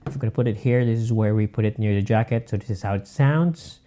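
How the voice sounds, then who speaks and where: A quick-paced, low, dark-toned voice belongs to a Filipino vlogger with a Bisaya accent trying out mics in a room. It's a casual, unscripted ramble heavy with fillers, captured in echoey acoustics that shift as the mics change.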